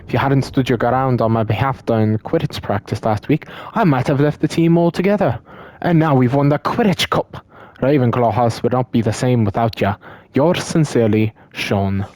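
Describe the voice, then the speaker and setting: A man voicing an Irish schoolboy's thank-you letter with a deliberately bad Irish accent. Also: mid-range voice, a little mellow, close to an everyday voice. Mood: grateful.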